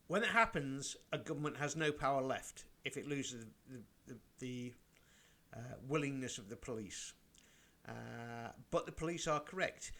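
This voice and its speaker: A man's voice: a little high, a bit bright. A man in a rambling, casual rant, full of fillers and restarts. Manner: rambling, chatty, self-interrupting with many fillers. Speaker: vlogger. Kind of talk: casual ranting commentary.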